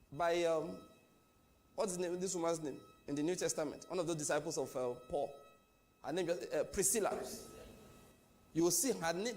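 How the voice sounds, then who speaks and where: A man from Nigeria preaching a sermon, emphatic and often asking his listeners questions. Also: high-pitched.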